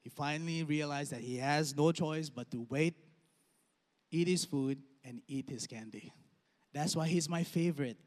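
A man in his thirties preaching a sermon, telling stories and letting his phrases trail off softly. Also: on the high side, moderate pace. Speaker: pastor. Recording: long hall reverb.

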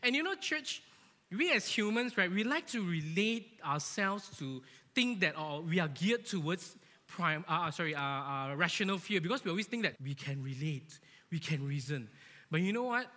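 A man giving a lively, joking sermon to a church, animated and often asking his listeners "right?", in an echoey church hall. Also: high-pitched, moderate pace. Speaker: church speaker.

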